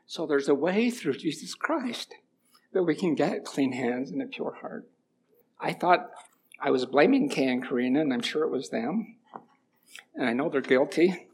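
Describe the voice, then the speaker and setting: In an informal church talk, a middle-aged man weaves homely stories together with readings from scripture while dealing with a runny nose. His voice is a little high, expressive, and gravelly at a measured pace, with a little hiss or hum in the audio.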